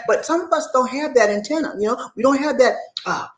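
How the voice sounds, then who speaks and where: A man's voice: very high voice, fairly quick. A man hosting his own show, talking casually and playfully to his viewers, repeating and rhyming his phrases and asking them to answer back. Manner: animated, playful, call-and-response with viewers. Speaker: show host. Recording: echoey room.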